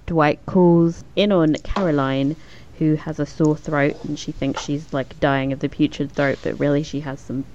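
A chatty woman co-host recaps a TV episode in loose, laughing podcast talk. Her voice sits a little low. The recording is dull and lo-fi with a faint background hiss. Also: steady tone, measured pace, darkish tone. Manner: chatty, laughing, acts out characters' lines. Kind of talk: casual episode recap chat. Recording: dull lo-fi sound with faint noise.

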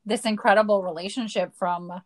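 A woman co-hosting a podcast, asking questions and reacting warmly in casual chat. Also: medium pitch, fairly even intonation, brisk. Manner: warm and encouraging, reacting with laughs. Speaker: podcast co-host.

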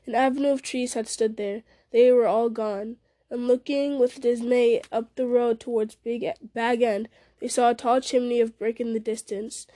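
A woman reading a fantasy novel aloud at a steady pace, with small slips and restarts. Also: fairly high pitch, moderate pace, no echo. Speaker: story reader.

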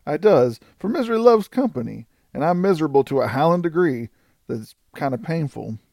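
A rough frontier outlaw, put on by a man reading an audiobook, pitched well above the reader's own voice with a gravelly edge. He talks in coarse, excitable dialect. The recording is close and dry. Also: fairly quick, no echo. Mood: rueful. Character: coarse cornered male outlaw, rough and desperate.

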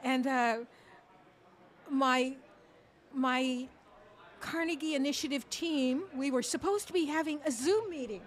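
Slow-talking woman guest, high voice. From Ontario, Canada. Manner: slow, reflective. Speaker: guest, foundation co-founder. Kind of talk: conversational storytelling. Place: sports bar studio.

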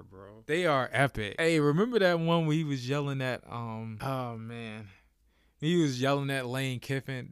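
A man's voice: fairly high pitch, smooth, dry recording, studio quality. A young man hosting a casual sports podcast, talking loosely with slangy asides and frequent laughs. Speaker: podcast host.

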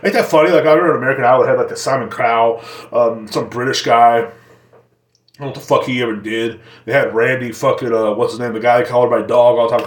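A man's voice: mid-range voice, fast talker. A man rants on his podcast, crude and rambling, with a mid-range voice and plenty of swearing. His voice carries a noticeable room echo. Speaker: podcast host. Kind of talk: comedic rant.

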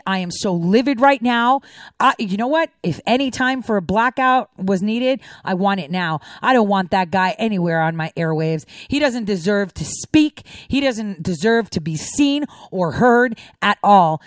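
A woman's voice: mid-range voice, expressive, normal speed, no room sound. A woman giving an indignant political monologue, ranting and firing off rhetorical questions. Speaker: political commentator. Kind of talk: opinionated monologue.

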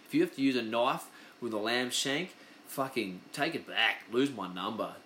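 Medium-pitched and sharp-toned, this podcast host from Western Australia talks at a moderate pace over a little hiss or hum. His monologue is a loose, profane, chatty stream of stories.

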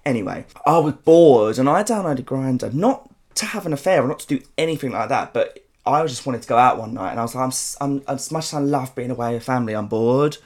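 Speaking a little fast in an expressive, darkish mid-range voice, this man hosts a podcast and trades stories in a strong South London accent. He's chatty, swears a lot and laughs often throughout the casual conversation.

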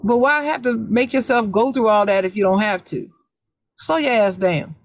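A woman hosting a podcast, giving advice in a casual chat with a deliberately raised, emphatic voice that repeats key words. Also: on the high side, no echo. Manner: deliberately raised, loud speaking voice. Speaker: podcast host.

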